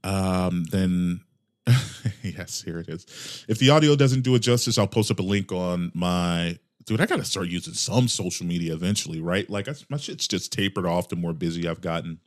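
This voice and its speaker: A man hosting a comedy podcast, delivering a casual, profane monologue with lively swings in pitch and loudness. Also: normal speed. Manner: animated, profane ranting with mock voices. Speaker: podcast host.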